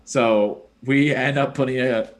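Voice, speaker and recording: A man's voice: mid-range voice, fairly even intonation, measured pace. A young man, a podcast host, telling a long rambling story in casual chat, full of "like" and "dude".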